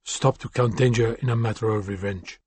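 A man's voice: on the low side, fairly even intonation, fairly quick, darkish tone, breathy edge, no room sound. A man voicing a stern, imperious woman crime boss in her early thirties, with a faint French accent and a cold, commanding manner. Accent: faint French (figure).

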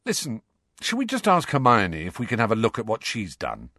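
Man voicing a grumpy teen boy wizard, short-tempered, lowish voice, dry sound. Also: huge pitch swings, a little fast, pushed and bright, no room sound, exaggerated voice. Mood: grumbling.

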